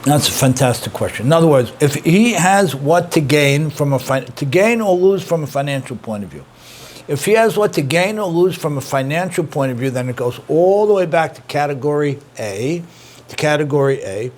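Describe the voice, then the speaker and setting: Man, middle-aged, rabbi, teaching a class, lively, repetitive, encouraging, slightly high voice. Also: normal speed. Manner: lively, repeats points, praises students' answers. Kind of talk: interactive Torah class.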